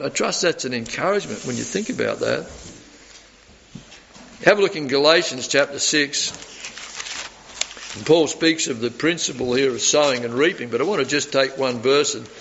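A man's voice: medium pitch, moderate pace, creaky, a bit bright, slight background noise. A man preaching a sermon, earnest and folksy, telling stories with little chuckles. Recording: dull reverberant hall recording.

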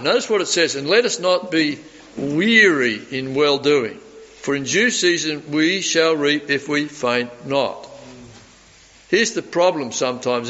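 Preacher in an echoing hall. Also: male voice, on the high side, a bit bright. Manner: earnest, folksy storytelling with chuckles. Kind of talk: sermon. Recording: dull reverberant hall recording.

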